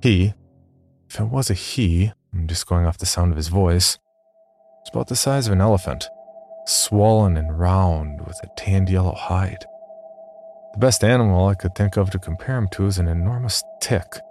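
Deep-voiced man narrating wry horror. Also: normal speed, darkish tone, soft background music. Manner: wry, dry humor. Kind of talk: scripted first-person horror narration.

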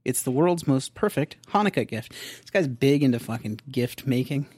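A man's voice: mid-range voice, expressive, normal speed, mellow, no echo. A man co-hosting a comedy podcast in a studio, chatting casually with a profane, sarcastic, jokey manner. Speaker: podcast co-host. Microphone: close studio mic, headphones.

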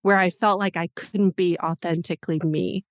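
A woman co-hosting a podcast, telling a personal story in a reflective, steady way. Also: fairly low pitch, normal speed, no echo, studio quality. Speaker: dating podcast co-host. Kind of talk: casual chat.

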